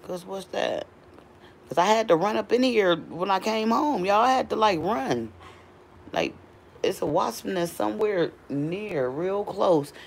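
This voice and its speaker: A middle-aged woman talking casually to her live stream viewers from her home doorway on a phone, chatty and animated. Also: mid-range voice, unhurried, vocal fry, slight background noise.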